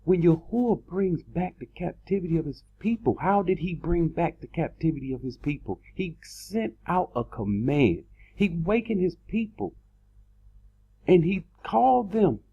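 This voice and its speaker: A man preaching a sermon in an online video, emphatic, repeating words and slowing down to stress his points. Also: on the high side, expressive, slightly rough, highs cut off.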